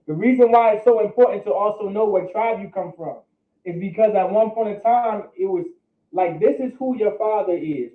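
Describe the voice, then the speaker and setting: A man teaching a class at a board, slow and patient, breaking words into syllables and repeating them. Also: high-pitched. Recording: echoey room over a phone-like line.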